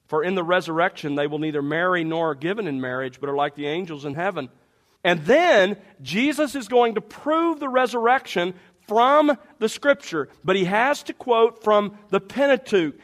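A man preaching a sermon, walking listeners through passages and speaking to the congregation directly. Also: high voice. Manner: animated expository preaching, addressing the congregation directly.

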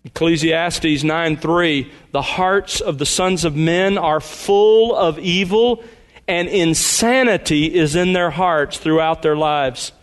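A man's voice: on the high side, slow pace. A man pastor preaching a sermon, reading scripture aloud with earnest emphasis.

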